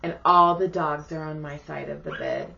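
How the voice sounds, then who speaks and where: A woman's voice: sits low, moderate pace, vocal fry, background noise. Woman in her 30s on a podcast, swears a lot, acts out everyone in her stories, kinda dull lo-fi audio. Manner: animated, profane, acts out quoted people. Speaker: podcast co-host. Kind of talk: casual storytelling chat.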